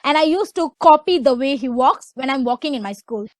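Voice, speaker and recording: A young woman with a Malaysian English accent, giving a loud, emphatic motivational webinar talk. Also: high voice, lively intonation, fairly quick, no echo, rough recording. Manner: loud, emphatic, repeats "okay". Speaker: webinar speaker.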